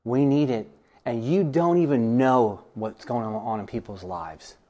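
A middle-aged man, a pastor, teaching an informal Bible study in a church, animated and self-deprecating, often acting out quoted voices. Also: mid-range voice, measured pace.

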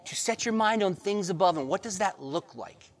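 A pastor preaching a sermon, reading verses and pressing the congregation with rhetorical questions and repeated phrases. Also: male voice, high-pitched, lively intonation, moderate pace.

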